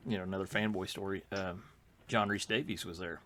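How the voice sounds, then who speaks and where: An older man with a drawl tells a long, rambling anecdote in casual podcast chat. His voice sits low. He often trails off and restarts mid-sentence. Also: fairly even intonation, brisk, pushed and bright. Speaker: podcast co-host.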